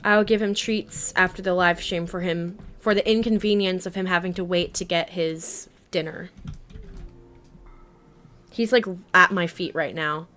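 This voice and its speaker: A woman's voice: lowish voice, steady tone, a little slow, fairly bright tone, soft background music. A woman in her twenties chatting casually on a live gaming stream, reading chat aloud and talking to her cat. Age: 20s.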